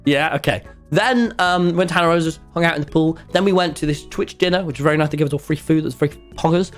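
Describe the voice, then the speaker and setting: A man, telling a story to his live chat in an excitable, rambling way. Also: fairly high pitch, quick pace, soft background music. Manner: excitable and rambling, with many restarts. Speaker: streamer.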